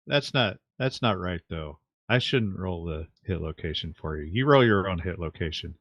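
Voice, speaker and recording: A man with a very low, gravelly voice runs a tabletop game, pausing on fillers and dropping wry asides. The sound is dull and lo-fi, close and dry with no room echo. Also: animated. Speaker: game master.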